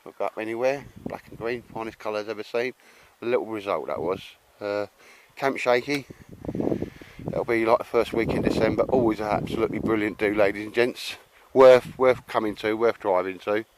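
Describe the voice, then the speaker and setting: A man's voice: lowish voice, normal speed, background noise. An older man chatting casually to camera at an outdoor campsite, rambling and laughing, calling everyone mate. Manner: matey, laughing, rambling with fillers. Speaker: vlogger. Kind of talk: casual chat.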